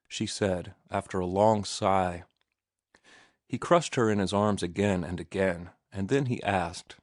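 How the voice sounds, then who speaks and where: Male narrator, low voice, calm measured audiobook reading, dry close sound. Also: no room sound. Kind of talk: scripted narration.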